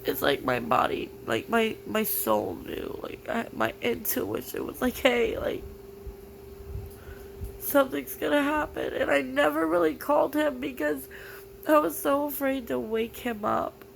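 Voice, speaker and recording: Slow, gravelly, tearful young woman. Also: high voice, a little hiss or hum, poor audio. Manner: halting, full of "like" fillers, grieving. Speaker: vlogger. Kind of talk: personal confessional vlog.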